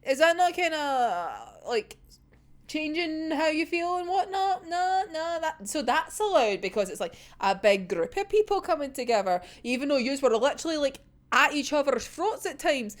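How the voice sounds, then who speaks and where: A young woman vents about a comic chapter in a heated, sweary rant that keeps breaking into laughter. Her voice sits high and swings widely up and down as she gets worked up. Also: animated, normal speed. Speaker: manga reaction vlogger. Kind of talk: ranting chapter reaction.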